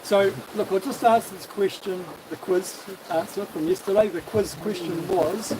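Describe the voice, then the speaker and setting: A man's voice: sits high, fairly even intonation, normal speed, hardly any pauses. A man with a New Zealand accent hosting a casual live stream from a sailboat, upbeat and jokey. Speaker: sailing vlog host. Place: on a sailboat at sea, outdoors. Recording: wind and water noise on deck.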